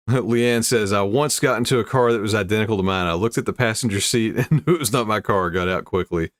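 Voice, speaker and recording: An American man hosts a laid-back livestream on odd news, rambling and chuckling as he cuts himself off to answer viewer comments. His voice sits on the low side and moves briskly, with a dry recording and clean studio sound.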